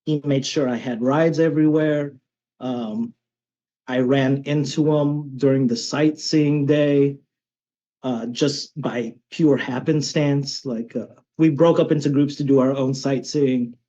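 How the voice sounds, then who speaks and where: A martial arts instructor, appearing as a podcast guest, tells stories in a chatty, casual way, often ending sentences with "right?" and saying "um" a lot. His mid-range, mellow voice stays fairly even and unhurried, and the recording is muffled.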